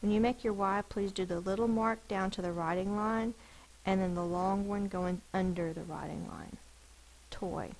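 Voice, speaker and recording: A woman teacher giving a phonics spelling lesson, sounding out words slowly and deliberately over a screen recording. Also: mid-range voice, steady tone, darkish tone, poor audio.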